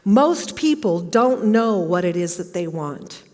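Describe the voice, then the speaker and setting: A woman's voice: fairly low pitch, lively intonation, takes it slowly, a little mellow. A middle-aged woman giving a motivational talk on stage, telling a personal story and acting out the questions she quotes. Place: large auditorium. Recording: long hall reverb.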